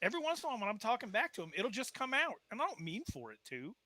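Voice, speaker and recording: Male co-host from northern Wyoming, bright dry sound, teasing and laughing. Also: high voice, wildly swooping pitch, rapid-fire, no room sound. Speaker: podcast co-host. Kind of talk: casual sports chat.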